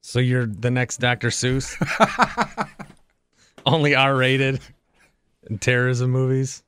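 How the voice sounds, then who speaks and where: A man's voice: medium pitch, a bit bright, clean tone, dry recording. A man from Wisconsin hosting a casual podcast chat, wisecracking and poking fun at himself. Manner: wisecracking and self-mocking, quick asides. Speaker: podcast host.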